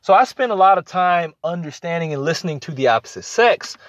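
A man's voice: a little high, lively intonation, a little fast, a bit bright, dry recording, highs cut off. A man talking casually about listening in relationships, repeating his points and acting out little exchanges as he goes. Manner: conversational, repeats phrases for emphasis, acts out quoted exchanges. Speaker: podcast host. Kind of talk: casual advice talk.

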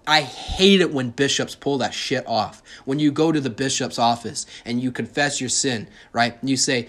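A young man delivers a heated podcast rant, swearing freely and mocking his targets. His voice sits at an ordinary middle pitch. He keeps the tone of a fired-up solo monologue throughout. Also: normal speed, few pauses, pushed and bright. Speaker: podcast host. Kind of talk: ranting monologue.

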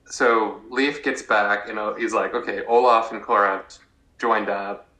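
A man's voice: lowish voice, fairly even intonation, unhurried, bright, forceful tone. A young man co-hosting a podcast, chatting casually and acting out characters' lines with lots of filler words. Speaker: podcast co-host. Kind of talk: casual recap chat. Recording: echoey room.

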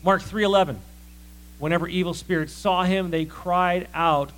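A man walks through scripture in a lively, conversational sermon, asking many rhetorical questions. He has a high voice at a moderate pace, and the audio is poor.

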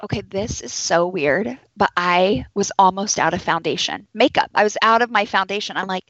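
Animated woman telling a story. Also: mid-range voice, moderate pace, dry recording, lo-fi sound. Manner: animated, acts out quoted voices. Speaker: labor and delivery nurse. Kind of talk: storytelling to an audience.

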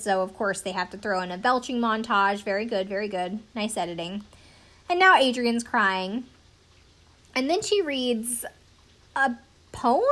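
A woman's voice: a little high, fairly bright tone. A woman in her twenties recapping a reality show in casual chat, sarcastic and swearing now and then. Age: 20s.

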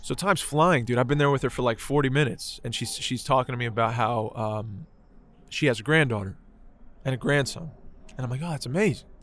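A man's voice: medium pitch, brisk, fairly bright tone. A man telling a moving personal story in casual conversation, swearing often and filling his talk with "like" and "right". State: choked up.

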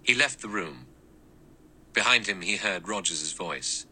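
Deep-voiced man narrating an audiobook. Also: lively intonation, unhurried, pushed and bright, a little hiss or hum, poor audio. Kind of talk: scripted narration.

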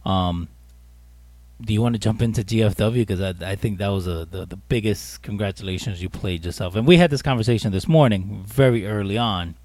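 Man, podcast co-host, jokey, playful, teasing, lowish pitch, dry close mic. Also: a little fast, a little mellow, no room sound. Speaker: podcast co-host reading viewer comments. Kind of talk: casual wrestling podcast chat.

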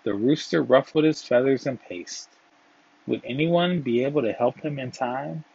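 Gravelly man reading a folk tale. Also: mid-range voice, moderate pace. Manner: gentle read-aloud with small restarts. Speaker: storyteller. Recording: dull, dry, lo-fi.

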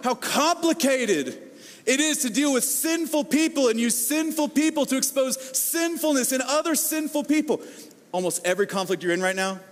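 A middle-aged man preaching a sermon as pastor, animated, acting out the voices he quotes and repeating words as he builds. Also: sits high. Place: church hall. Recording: long hall reverb.

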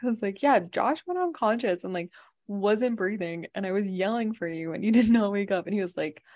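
A woman's voice: mid-range voice, expressive, fairly quick, darkish tone. A woman from Canada chatting on a podcast, telling a story in a rambling way, full of "like" and "right?". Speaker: podcast co-host. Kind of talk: casual chat.

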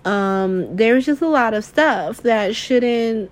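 A woman's voice: on the high side, slow. Chatty young woman recapping episodes. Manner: chatty, filler-heavy, profane, animated retelling. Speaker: soap opera recap vlogger. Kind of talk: casual chat.

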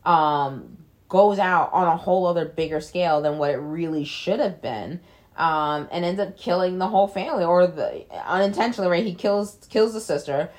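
A woman's voice: lowish voice, moderate pace, a little mellow. Chatty woman recapping a film. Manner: chatty, loose, lots of "like" fillers, blunt swearing. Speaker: film reviewer.

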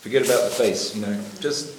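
A man's voice: mid-range voice, fairly even intonation, brisk, background noise. A middle-aged man tells his life story over a meal, rambling and laughing often. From New Zealand. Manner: rambling, laughs often, many fillers and restarts. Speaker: interviewee giving a personal testimony. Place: echoey dining room with dishes clinking. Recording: echoey room with loud background clatter.

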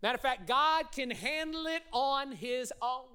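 A middle-aged man preaching a lively sermon as pastor, telling stories and leading his congregation in call-and-response. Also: extremely high pitch, measured pace, clear, resonant tone. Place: church sanctuary.

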